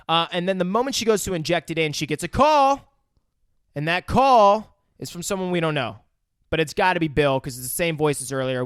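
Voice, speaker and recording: A man's voice: fairly high pitch, smooth, no echo, clean studio sound. A man casually recapping a film scene by scene on a podcast, swearing freely and getting worked up. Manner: profane, excitable retelling of scenes. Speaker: podcast co-host. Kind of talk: casual movie review chat.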